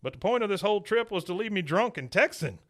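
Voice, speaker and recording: A podcast host voicing a flustered middle-aged Texan son who pleads in a slightly higher voice. The tone is bright, with lively swings in pitch. It is a light, cartoon-style quote inside a casual recap. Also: male voice, quick pace. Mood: pleading.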